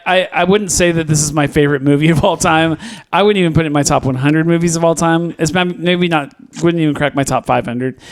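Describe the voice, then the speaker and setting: A man's voice: on the high side, smooth. A man co-hosting a podcast, chatting casually and rambling through restarts and fillers. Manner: rambling, lots of restarts and fillers, laughs easily. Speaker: podcast co-host. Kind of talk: casual podcast review chat.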